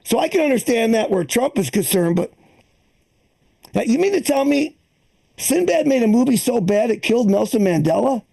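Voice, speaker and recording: A man's voice: extremely high pitch, very animated, moderate pace, gravelly, warm tone. A man in his sixties from the Boston area doing a profane, rambling stand-up comedy set, acting out the people in his stories. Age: 60s. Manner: profane, rambling, acts out quoted voices. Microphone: streamed online comedy show.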